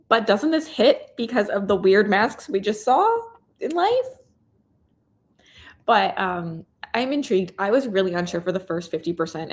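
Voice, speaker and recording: A young Canadian woman hosting a casual live reading stream, reading out viewer comments in a bubbly, chatty way. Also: mid-range voice. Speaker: booktuber reading chat host.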